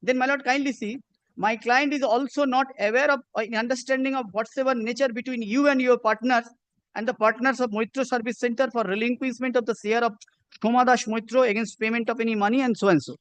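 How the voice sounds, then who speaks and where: Insistent high-voiced male advocate in court. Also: steady tone, fast talker, a bit bright, smooth, dry recording. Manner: insistent, repeats "my lord" constantly. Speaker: advocate arguing a case. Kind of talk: courtroom legal argument.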